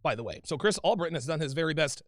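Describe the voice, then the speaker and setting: A man hosting a livestream reads out viewers' super chats and answers them in a heated, profane, confrontational rant, repeating himself often. His voice is a little high, expressive and rapid-fire. The sound is clean studio quality with no echo.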